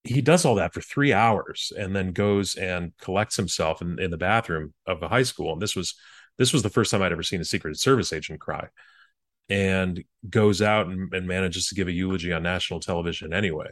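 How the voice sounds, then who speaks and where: A former speechwriter, a man, telling earnest stories in an interview, halting often and restarting his sentences. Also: low-pitched, dry recording, studio quality. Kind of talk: reflective interview storytelling.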